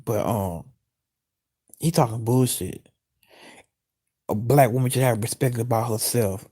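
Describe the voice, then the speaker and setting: A man talks in a blunt, profane street style while reacting to a clip. His voice is dark and mellow, and his delivery is casual. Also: mid-range voice, measured pace, husky. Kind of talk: casual commentary.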